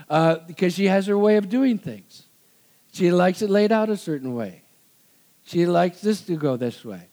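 A middle-aged pastor delivers a conversational sermon, animated and quick to laugh, acting out the voices he quotes. His voice is high and his speed is normal.

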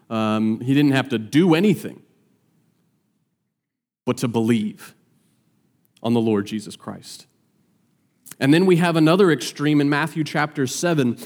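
Delivering his sermon in a conversational style, the preacher voices the people he quotes, raising his pitch as he performs them.

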